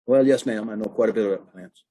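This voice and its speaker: A man's voice: on the low side, fast, mellow, dry recording, lightly acted, low-quality recording. A man playing a flustered, polite naturalist. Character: hurried, polite middle-aged male naturalist.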